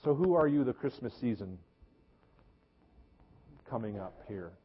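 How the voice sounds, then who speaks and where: A man preaching a sermon as pastor, earnest, repeating words and slowing down for emphasis. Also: mid-range voice, expressive, slightly rough. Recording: echoey hall, dull lo-fi sound.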